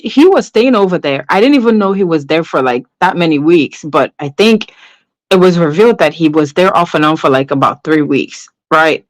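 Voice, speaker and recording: A woman's voice: fairly low pitch, dry recording. A woman hosting a casual livestream, chatting about online drama, tagging lines with "right?" and greeting viewers. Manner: greets chat viewers mid-story. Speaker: livestream gossip host.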